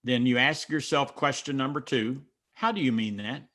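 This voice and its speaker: A man's voice: medium pitch, normal speed, a bit bright. Folksy Southern-accented man coaching. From mountains of North Carolina. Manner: folksy, step-by-step instructive, emphatic. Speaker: speaker coach answering questions. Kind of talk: teaching Q&A and personal storytelling.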